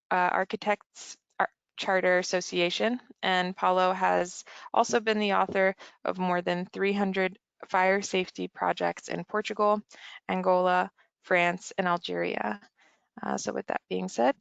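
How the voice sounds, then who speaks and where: A woman moderates a webinar, reading logistics and a speaker introduction from a script in a businesslike tone. Her voice is smooth and clear but runs into vocal fry at the ends of phrases. The recording is dry and close. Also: medium pitch, no echo, highs cut off. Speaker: event manager and moderator.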